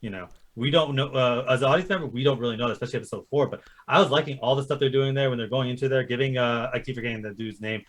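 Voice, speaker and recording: A man's voice: medium pitch, very fast, hardly any pauses, fairly bright tone. A man co-hosting a casual TV recap podcast, swearing freely and acting out characters' lines as he talks. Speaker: podcast co-host. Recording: livestream podcast.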